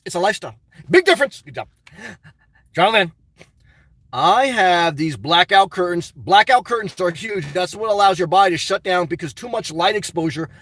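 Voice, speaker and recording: A man live-streaming a casual vlog, reading comments aloud and answering them in an animated, repetitive, exclamatory way. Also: high-pitched, moderate pace, no room sound. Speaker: YouTube vlogger answering live chat.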